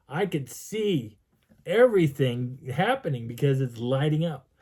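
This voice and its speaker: A man recounts a strange night with an animated storyteller's delivery, his pitch swinging widely. His voice is mellow and slightly husky. He breaks into the sounds and voices he describes. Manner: lively, acts out sounds and dialogue. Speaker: vlogger telling a field story.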